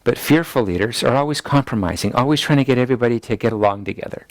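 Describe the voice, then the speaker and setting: A man's voice: medium pitch, fast talker, dry recording. A man teaching a ministry school class, repeating key points so listeners can note them down. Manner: acts out people's anxious inner voices in quotes. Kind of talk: teaching lecture.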